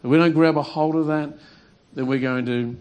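A man's voice: a little high, fairly even intonation, normal speed, darkish tone. A man preaching a sermon as a pastor, earnest and repeating phrases for emphasis.

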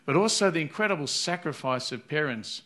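A man's voice: a little high, expressive, a little fast, pushed and bright. A man preaching an earnest sermon, retelling a Bible story and acting out its voices. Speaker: pastor.

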